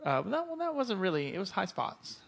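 A man co-hosting a wrestling podcast, chiming in with quick jokey remarks. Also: high voice, wildly swooping pitch, vocal fry, fairly bright tone. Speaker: podcast co-host. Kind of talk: casual podcast chat.

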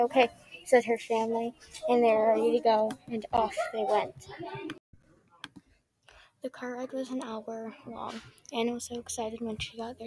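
A woman reading a children's story aloud in a plain way, with small slips and restarts. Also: fairly high pitch. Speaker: reader.

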